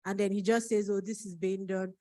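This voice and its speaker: A woman's voice: medium pitch, level tone, a little fast, dark tone, no room sound, poor audio. A woman from Nigeria, an author giving an emotional thank-you speech at her book launch, fighting back tears. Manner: tearful, holding back crying.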